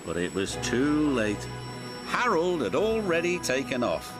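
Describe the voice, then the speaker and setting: A man's voice: mid-range voice, wildly swooping pitch, a little slow, music in the background. Man reading a storybook aloud. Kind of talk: storybook narration.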